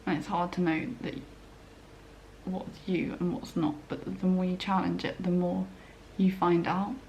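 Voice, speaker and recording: A woman's voice: lowish voice, level tone, moderate pace, gravelly, darkish tone, slight background noise. A young woman chatting casually at home, rambling with lots of "like" and acting out her own thoughts. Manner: rambling, full of "like" and quoted inner voices. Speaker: vlogger. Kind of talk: casual chat. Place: dining room table at home.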